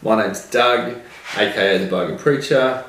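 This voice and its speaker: A man's voice: on the low side, normal speed, a bit bright, slight background noise. Laid-back Australian man, roomy sound. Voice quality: laid-back, rambling with fillers. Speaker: vlogger and podcast host. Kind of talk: casual vlog chat. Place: indoor room. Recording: roomy echo.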